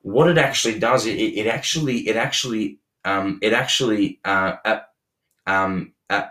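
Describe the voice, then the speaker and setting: Young guy, lowish voice, earnest relationship advice, keeps restarting his sentences. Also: moderate pace, bright, forceful tone. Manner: earnest, many restarts and repeated words. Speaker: podcast co-host.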